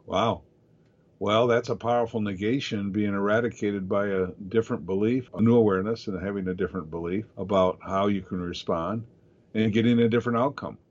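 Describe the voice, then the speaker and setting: A man's voice: fairly low pitch, steady tone, fairly quick, darkish tone, dull audio. A man hosting a casual podcast conversation, explaining ideas in a coaching tone.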